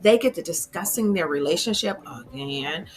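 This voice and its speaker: A woman hosting her own TV review channel gives a casual, chatty recap of an episode, sharing strong opinions and laughing at the drama. Her voice is lowish and animated, at a moderate pace.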